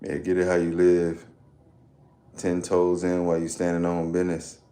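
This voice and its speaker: A man's voice: deep voice, monotone, normal speed, dark tone. A man chatting casually with his live audience during a workout, laid-back and joking. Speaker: fitness streamer. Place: home workout space, indoors.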